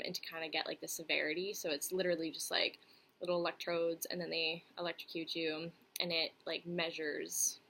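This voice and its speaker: A woman's voice: lowish voice, bright, forceful tone, rough recording. A young woman chatting candidly to camera, answering viewer questions with lots of fillers and restarts. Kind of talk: casual chat to camera.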